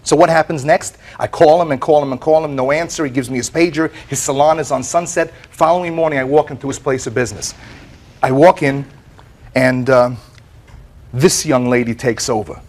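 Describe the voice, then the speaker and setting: An American man testifying as plaintiff in a TV courtroom, telling his story in an animated way, acting out quotes and repeating words as he goes. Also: medium pitch, fairly quick.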